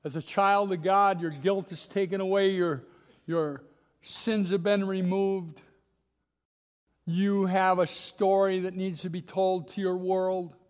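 A man preaching a sermon as a guest pastor, impassioned, moving between hushed, slow passages and rising exhortation. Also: high-pitched, steady tone. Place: church sanctuary. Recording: long reverb of a large hall.

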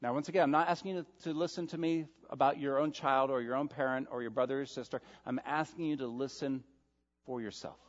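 A male pastor preaching a sermon, emphatic, swinging between loud stresses and soft, quiet asides. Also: medium pitch, steady tone, quick pace. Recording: dull sound with long hall reverb.

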